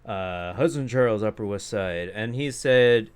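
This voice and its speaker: A man's voice: mid-range voice, measured pace, hardly any pauses, clean tone. A man co-hosting a podcast, telling a profane, laughing story about a rude customer in casual chat. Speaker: podcast co-host.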